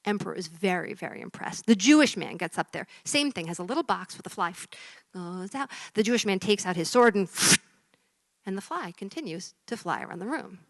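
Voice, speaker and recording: Lively joke-telling woman, dry sound. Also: mid-range voice, brisk, no room sound. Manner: acts out characters in jokes with voice shifts; lively storyteller, drops to whispers for effect. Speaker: joke teller.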